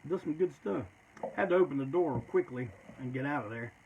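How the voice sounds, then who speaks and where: A man's voice: mid-range voice, lively intonation, brisk, narrow, tinny audio, slight background noise. A man telling stories in a loose, rambling, profane way, often tacking "man" onto his sentences. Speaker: storyteller. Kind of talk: casual storytelling.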